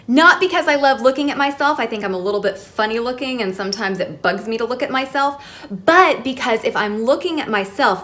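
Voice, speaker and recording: A beauty vlogger at home films herself, chatting to the camera mic as she faces the lens. Her voice sits on the high side and sounds a bit bright. She gives a casual product review in a chatty, self-deprecating way.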